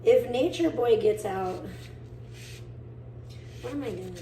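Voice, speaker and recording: A woman's voice: on the high side, expressive, slow pace, warm tone, a little hiss or hum. A woman live-streaming outdoors from her phone while tanning, chatting casually with rambling, crude jokes and muttering to herself.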